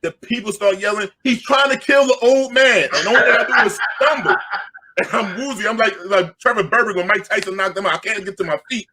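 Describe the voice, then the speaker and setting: A middle-aged man from Queens, telling an animated, jokey story and loudly acting out the crowd. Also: high-pitched, quick pace, husky. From Queens, New York.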